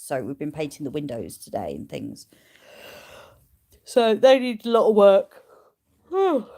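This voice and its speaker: Woman, low voice with a lively, swooping melody, rambling livestream chat to her flock. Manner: chatty and rambling, cooing at her sheep. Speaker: sheep keeper and livestream host. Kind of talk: casual livestream chat answering viewer questions.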